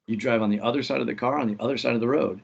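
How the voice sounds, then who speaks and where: Husky-voiced laid-back man. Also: mid-range voice, fairly even intonation, rapid-fire, highs cut off. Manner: laid-back storytelling, many ums. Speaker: podcast co-host. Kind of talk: casual chat.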